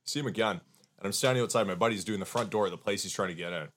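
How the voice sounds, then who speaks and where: A man's voice: on the low side, racing, a little hiss or hum. A man co-hosting a casual podcast, telling stories with lots of swearing and mimicked voices. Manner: profane, animated storyteller, mimics people. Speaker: podcast co-host. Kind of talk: casual chat.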